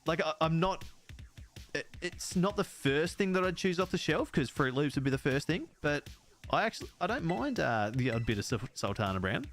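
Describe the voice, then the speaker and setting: A man's voice: fairly high pitch, very animated, moderate pace, a bit bright, faint music behind. An Australian man in his thirties, chatting and rambling casually while he plays a game, laughing often. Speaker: gaming streamer. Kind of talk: casual chat while playing.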